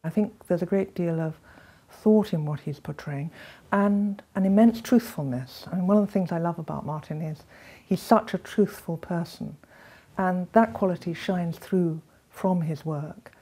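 Sincere woman interviewee, dark breathy tone. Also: lowish voice, normal speed. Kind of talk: documentary interview.

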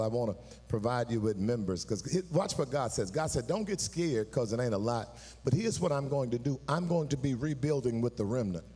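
A man preaching a sermon in a church. His delivery swings from low, confiding talk up to sung, shouted peaks, and he calls on the congregation to answer. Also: husky. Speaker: pastor. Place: church sanctuary. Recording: live in a church hall, long reverb.

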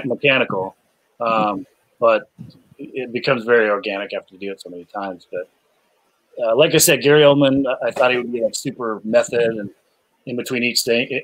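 A man, an actor guest, casually telling lively anecdotes from a film set with many fillers and restarts. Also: mid-range voice, brisk, rough recording. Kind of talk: casual chat, animated anecdotes.

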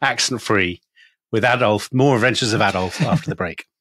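A man's voice: lowish voice, a little fast, a bit bright, no room sound. A man co-hosting a history podcast, chiming in with wry, teasing remarks. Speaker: podcast co-host. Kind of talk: casual history podcast chat.

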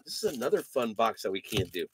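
A man hosting a live trading card break, calling out player names and giving energetic, slangy shout-outs to buyers. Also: fairly low pitch, fast, creaky, background noise.

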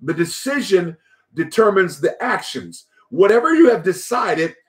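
Man, pastor, devotional sermon, slightly higher-pitched voice, loops back over his phrases with lots of filler words. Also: sing-song, a little slow. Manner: repeats phrases, many fillers and restarts.

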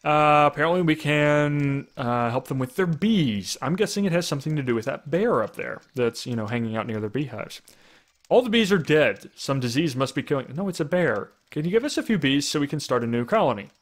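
A man's voice: a little high, expressive, a little fast. A man giving casual gameplay commentary, thinking aloud with wry asides and frequent restarts. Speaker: let's play commentator.

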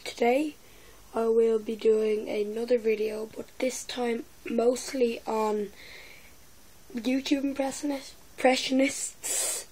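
A woman's voice: a little high, steady tone, takes it slowly, mellow, slightly rough. A woman with a lisp chatting casually in a vlog, rambling with lots of fillers and poking fun at herself. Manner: rambling, filler-heavy, self-mocking. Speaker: YouTuber.

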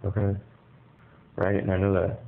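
A man's voice: low voice, monotone, normal speed, gravelly. A man calling from jail on a tinny phone line, talking in a profane, aggressive and threatening way. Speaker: inmate on a jail call. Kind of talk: heated phone argument.

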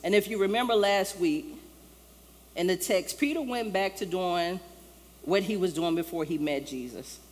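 A woman pastor with a lowish voice speaks at normal speed, preaching a loose, conversational sermon in a church sanctuary. She acts out the lines she quotes, and the recording carries long church-hall reverb and faint ambience.

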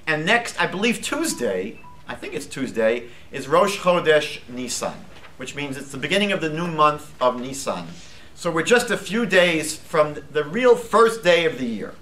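Guy teaching a class, bright voice, a bit high, keeps quizzing the room. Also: normal speed. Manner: lively, asks the class questions, jokes lightly. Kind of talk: lecture to a live group.

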